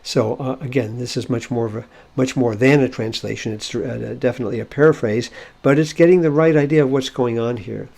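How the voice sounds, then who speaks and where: Gravelly man teaching biblical Hebrew. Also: mid-range voice, fairly quick, a little mellow. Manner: explanatory, thinking aloud with fillers. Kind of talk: verse-by-verse language lesson.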